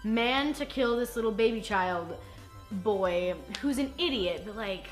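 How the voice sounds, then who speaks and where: A woman hosting a casual movie recap vlog, talking in an animated, gushing way with laughter and some cursing. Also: fairly high pitch, unhurried, faint music behind. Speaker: vlog host reviewing movies.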